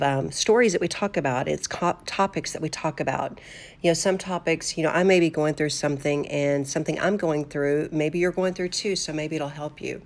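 An older woman hosting a devotional talk show, speaking earnestly and conversationally with fillers and restarts. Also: sits low. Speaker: host of a faith talk show.

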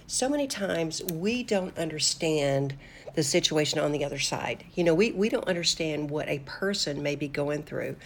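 Brief: older woman, low voice, heartfelt faith talk host, casual and earnest. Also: expressive, normal speed, a little hiss or hum. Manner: earnest and conversational, with fillers and restarts. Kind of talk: devotional talk to listeners.

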